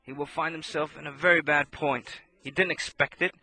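A man preaching a sermon, impassioned and swinging between loud outbursts and hushed asides. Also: a little high, steady tone, normal speed.

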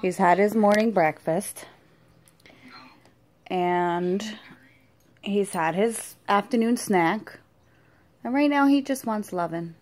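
A woman filming a casual vlog at home, talking affectionately to her pet in cooing baby talk that grows soft and hushed. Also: mid-range voice, slow, pauses often. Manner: soft and hushed when petting. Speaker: vlogger and pet owner.

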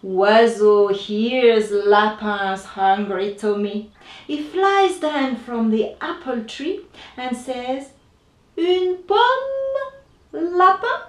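A woman reading her own picture book aloud to children, slow and expressive, voicing the sound effects. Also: mid-range voice. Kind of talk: children's storybook read-aloud. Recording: roomy echo, distant mic.

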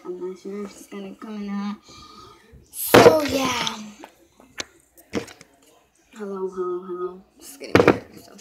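A woman's voice: medium pitch, heavy background noise. A young woman rambling casually to the camera in a bedroom, filming on a handheld phone and using lots of fillers. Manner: rambling, full of fillers like "so" and "yeah". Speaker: vlogger. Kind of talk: casual vlog chat. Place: bedroom indoors.

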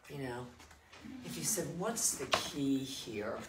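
A man's voice: mid-range voice, animated, slow. A man working as a dog trainer, chatting casually through a demonstration and answering questions he imagines listeners asking. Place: room with puppies. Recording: distant mic, roomy, loud background noise.

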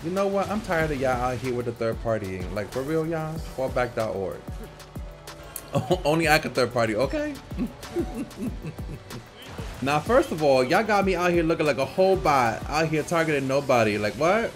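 A man narrating his own match live, teasing opponents and laughing as he plays. His voice sits a bit high and swoops widely up and down. Faint game music plays underneath. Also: moderate pace. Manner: animated, playful trash talk with frequent laughter. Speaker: gaming channel host. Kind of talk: live gameplay commentary.

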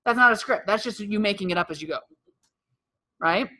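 A woman running a live real estate sales workshop quizzes her audience and echoes their answers back to them. Her voice is medium in pitch, a little fast, and sharp in tone.

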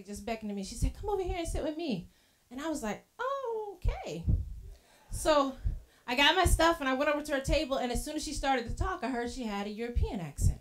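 A woman preaching a sermon in a church, telling lively casual stories and acting out what people said. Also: on the high side. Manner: lively storytelling, acting out quoted voices; casual colloquial phrasing.

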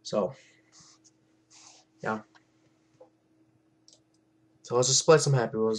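A man's voice: fairly low pitch, expressive, takes it slowly, long pauses. A young man giving casual gameplay commentary as host of his own channel, rambling, swearing often and trailing off into mumbles.

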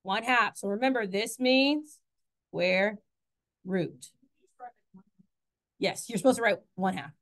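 A woman's voice: mid-range voice, slow pace, long pauses. A woman teaching a math class in a classroom, chatty, asking the students questions and correcting her own slips.

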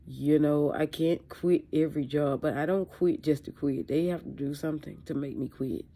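A Louisiana beauty vlogger, sick with allergies, chats candidly to camera at home, rambling with fillers and some mild swearing. Her low-sitting voice is warm and steady, at a moderate pace.

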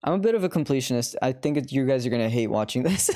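A woman's voice: very deep voice, expressive, quick pace, mellow. Woman streamer rambling over gameplay, lots of cussing and laughing, voice swings up and down. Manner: chatty, swears often, laughs a lot. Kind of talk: live gameplay commentary.

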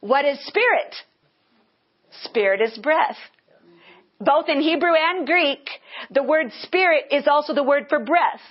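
A woman's voice: sits high, expressive, measured pace, long pauses. A woman teaching a Bible lesson earnestly, breaking into bursts of praise. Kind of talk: teaching sermon. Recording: dull lo-fi sound.

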